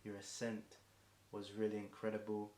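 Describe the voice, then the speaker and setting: Young English man, low flat voice, slightly hoarse, rambling rhyming freestyle, lots of ums, echoey room. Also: normal speed. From England. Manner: rambling, self-correcting, frequent ums and restarts. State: voice getting hoarse. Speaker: streamer performing a marathon song. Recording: echoey room with faint background noise.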